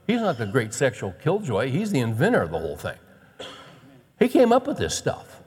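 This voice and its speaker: A man preaching a sermon as pastor, folksy and animated, with soft chuckles. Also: mid-range voice, fairly quick, husky, big-room sound.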